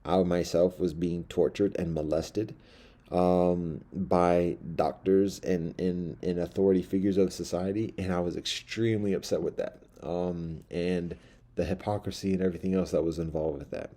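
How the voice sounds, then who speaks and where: A man's voice: low-pitched, fairly even intonation, normal speed, warm tone. A man telling a personal story in a casual, rambling monologue with many asides. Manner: rambling, loose, full of fillers and asides.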